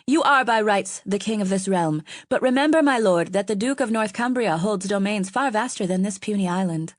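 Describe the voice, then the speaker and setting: A woman's voice: medium pitch, lively intonation, moderate pace, no room sound, clean studio sound, pitched above the performer's own voice, close to an everyday voice. A woman voicing an imperious young noblewoman. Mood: pointed. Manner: commanding and curt.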